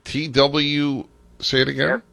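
A man's voice: on the high side, level tone, slow, creaky, a bit bright. A man hosting a call-in radio talk show, talking in a playful, theatrical, opinionated way.

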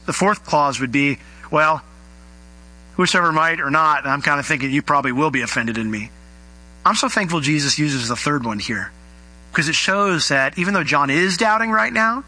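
A middle-aged man delivers a sermon in a bright, ringing voice that sits a little high for a man. He tells his stories animatedly, leaping up in pitch whenever he acts out what people said. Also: low-quality recording. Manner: animated storytelling, acting out quoted voices with big pitch jumps. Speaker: pastor.

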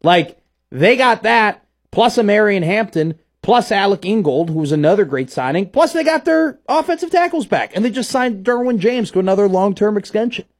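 A man hosting a casual sports talk show, rambling playfully and getting animated about his team. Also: high-pitched, moderate pace.

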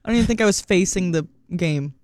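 A woman in her thirties co-hosting a morning radio show, telling a story in an animated way and laughing often. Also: fairly low pitch, fast, no echo, clean studio sound. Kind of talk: casual radio chat.

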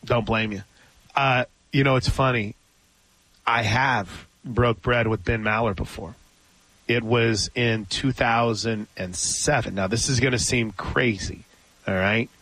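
A man's voice: mid-range voice, steady tone, measured pace, fairly bright tone, no echo, rough recording. A man hosting a sports talk radio show in a studio, chatty and telling stories. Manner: chatty, storytelling. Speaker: radio host.

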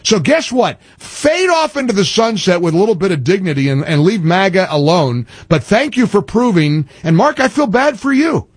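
Talk radio host, male, emphatic, husky higher voice, dry studio sound. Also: moderate pace, hardly any pauses, no echo. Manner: animated, emphatic, frequent restarts. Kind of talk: political talk radio chat.

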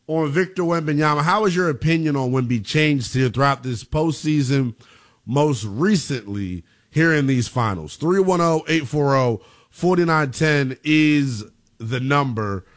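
Animated male sports radio host. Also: on the high side, a little slow. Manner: animated, emphatic, opinionated.

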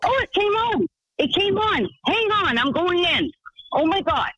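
A man voicing a rambling, excitable woman calling in to a radio show. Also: sits high, normal speed, no room sound, highs cut off. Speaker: caller.

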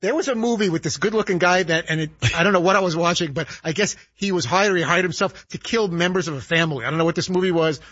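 High-voiced, fast-talking radio co-host man. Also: a bit bright, slightly rough. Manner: rambling, earnest and quick. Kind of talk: casual radio banter. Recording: dry, muffled radio broadcast.

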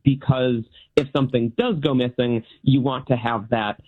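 A man's voice: medium pitch, fairly even intonation, moderate pace, slightly rough. Man on a tinny phone line. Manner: friendly, explanatory, light laughs. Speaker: magician guest. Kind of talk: interview answers.

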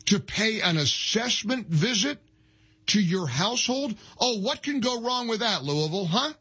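A man's voice: high-pitched, fairly bright tone, husky. A man hosting a call-in talk radio show, mocking and combative with callers. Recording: dull lo-fi radio audio.

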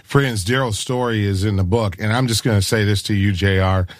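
A man hosting a Christian call-in radio show, talking in an enthusiastic, encouraging way and pitching to listeners. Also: steady tone, fairly quick, no echo, clean studio sound.

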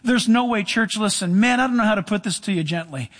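A middle-aged male pastor preaching a sermon, animated, with sudden drops to soft, low asides. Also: quick pace.

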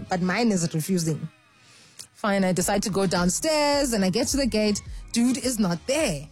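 A woman hosting a call-in radio show, telling a story with lively energy and acting out the voices of the people in it. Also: medium pitch, a little slow, husky. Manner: animated storyteller, acts out voices. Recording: faint music bed behind.

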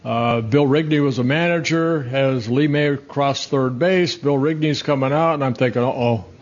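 A man in his seventies, a former pitcher, telling stories in a rambling, self-correcting way and chuckling at his own jokes. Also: normal speed, dull audio. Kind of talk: casual interview storytelling.

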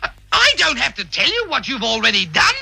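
An actor playing a flustered, stammering schoolteacher in a vintage radio comedy. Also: male voice, very high voice, wildly swooping pitch, fairly quick, vocal fry, sharp tone, slightly rough, full character voice. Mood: exasperated. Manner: stammering, sputtering repeats.

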